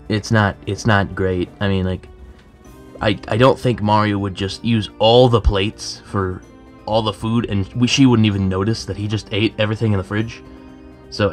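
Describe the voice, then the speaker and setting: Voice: deep voice, steady tone, moderate pace, soft background music. Someone voicing a stammering villain's sidekick. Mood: doubtful. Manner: stammering, hesitant. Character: hesitant magician sidekick to a villain king. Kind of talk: plush toy comedy skit.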